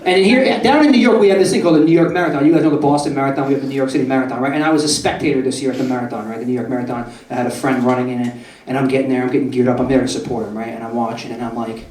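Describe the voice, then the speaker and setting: A man's voice: mid-range voice, steady tone, rapid-fire, darkish tone, far from the mic. A young man doing a stand-up comedy set in a club, brash and profane, often asking the crowd "right?". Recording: roomy club echo, voice off-mic.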